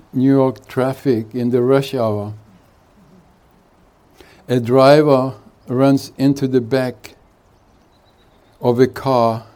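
A man teaches at a retreat in a mellow, warm voice, taking his time over each phrase. He chuckles softly between his thoughts and gives a relaxed satsang talk mixed with jokes. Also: mid-range voice. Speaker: spiritual teacher. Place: retreat hall.

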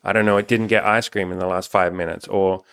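Low-voiced, frank, swearing young man. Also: fairly even intonation, quick pace, fairly bright tone, smooth. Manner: rambling, frank, swears often. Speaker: relationship coach and channel host. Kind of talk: casual couple's chat on camera.

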